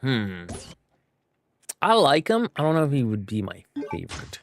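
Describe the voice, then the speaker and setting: A man's voice: medium pitch, wildly swooping pitch, moderate pace, slight background noise. A man rambling through casual gameplay commentary, often stopping to correct himself. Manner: rambling, self-correcting, chatty. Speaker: streamer.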